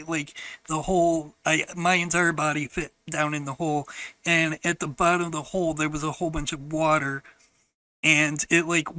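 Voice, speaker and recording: A man telling a personal story on his podcast, in a frank, halting and profane way. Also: fairly high pitch, bright, forceful tone, no room sound, poor audio.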